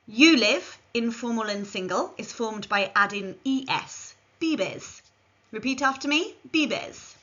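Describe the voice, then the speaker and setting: A woman's voice: on the high side, animated, moderate pace, hardly any pauses, bright, forceful tone. A woman giving a scripted language lesson, carefully modelling phrases for learners to repeat. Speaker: language teacher. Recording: dull lo-fi recording.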